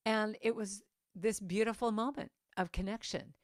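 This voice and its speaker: A middle-aged woman, a guest speaker at a Sunday service, gives a storytelling sermon in a medium-pitched voice at normal speed. She's animated, laughs while talking, and acts out the voices of people she quotes. The sound is clean studio quality with no echo.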